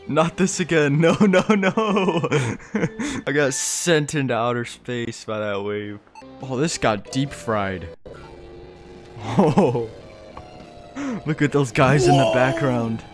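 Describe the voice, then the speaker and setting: A young gaming YouTuber with a mid-range voice does excitable game commentary, laughing often and crying out in surprise.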